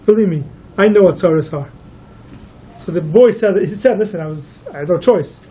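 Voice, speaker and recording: High-voiced rabbi telling a story. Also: male voice, normal speed, slightly rough, low-quality recording. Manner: animated storyteller, quotes each figure in turn. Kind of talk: storytelling talk.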